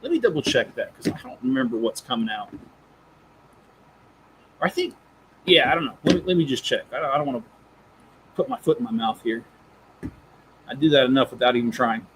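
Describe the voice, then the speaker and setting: Animated and a little fast, a man's mid-range voice hosts a casual Lego live stream, broken up by long pauses over a noisy background. He rambles, corrects himself, and chuckles while reading.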